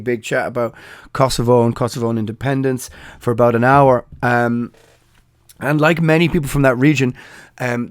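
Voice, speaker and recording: Casual, anecdotal stories come from an Irish podcast host in his forties who rambles, uses plenty of fillers, and keeps correcting himself. His voice is medium-pitched, recorded at studio quality with no room sound.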